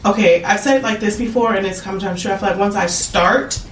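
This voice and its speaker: A woman's voice: mid-range voice, quick pace. Candid woman in an echoey room. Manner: candid, self-reflective. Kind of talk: casual chat. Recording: echoey room, distant mic, noisy.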